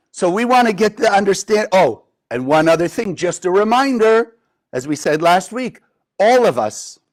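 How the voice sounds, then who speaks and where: High-voiced man teaching a class. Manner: storytelling with many rhetorical questions. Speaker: Kabbalah teacher. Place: live class with a group.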